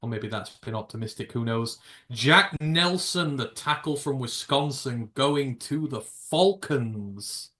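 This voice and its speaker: British male stream host, loose and rambling, jokey, mid-pitched voice. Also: slow, bright, forceful tone. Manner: rambling, jokey, swears casually. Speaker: livestream host. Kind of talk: casual live reaction chat.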